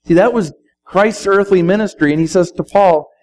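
A man's voice: sits high, moderate pace, darkish tone, poor audio. A middle-aged man preaching a sermon, speaking conversationally and quoting scripture. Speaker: pastor.

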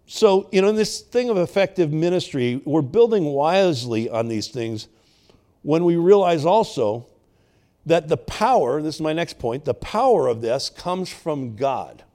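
Animated older male pastor preaching. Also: on the high side, unhurried. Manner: animated, swinging between loud emphatic bursts and quiet asides. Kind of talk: sermon with personal storytelling.

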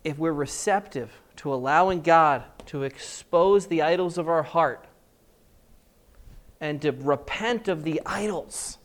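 A male preacher telling a personal story in a sermon, animated, with emphatic repetition. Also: fairly high pitch, a little slow.

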